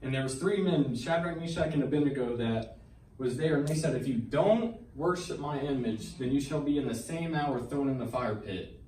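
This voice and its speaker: A man's voice: mid-range voice, normal speed, darkish tone. A man giving a personal testimony to a church congregation, retelling a Bible story in earnest, colloquial speech that builds in intensity. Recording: echoey church hall, mic at a distance, faint background noise.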